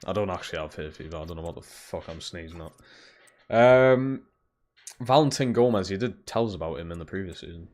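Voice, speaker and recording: A man's voice: low voice, expressive, brisk, a little mellow. A young man live-streaming a football game, swearing freely and chatting back to his viewers. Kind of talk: casual live-stream chat while gaming.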